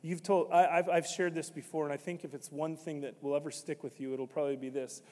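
A man preaching a sermon as pastor, swinging from quiet, conversational stretches to sudden loud, emphatic shouts. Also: fairly high pitch, fairly even intonation, fast talker, big-room sound.

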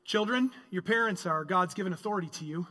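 Animated pastor preaching in a reverberant church. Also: male voice, high voice, quick pace. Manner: animated, swings between loud emphasis and quiet reflection. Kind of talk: sermon. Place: church sanctuary.

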